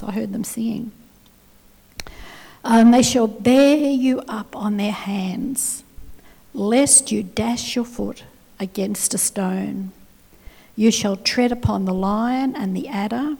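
A woman giving an informal devotional talk, chatty with frequent asides, who drops to a soft whisper when she quotes scripture. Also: a little high, gravelly, long reverb tail. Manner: conversational, with frequent "you know" asides. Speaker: Christian speaker.

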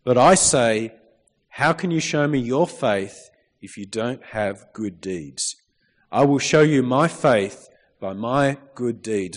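A man preaching a sermon in a church, reading scripture and calling out for amens from the congregation. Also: medium pitch. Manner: lively, calls out for amens, reads scripture. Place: church hall. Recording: long reverb of a church hall.

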